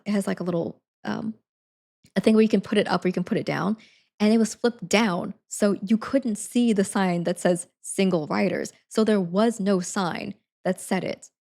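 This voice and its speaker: A woman's voice: medium pitch, creaky, a little mellow. A woman in her twenties telling a story casually on a live stream, rambling with lots of fillers. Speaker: livestreamer.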